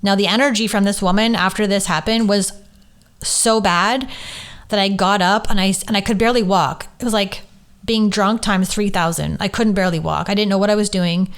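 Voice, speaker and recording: Woman, smooth clear voice, personal story monologue, candid, emotional, swears, holding back tears. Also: medium pitch, fairly even intonation, normal speed. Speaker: podcast host and Reiki teacher.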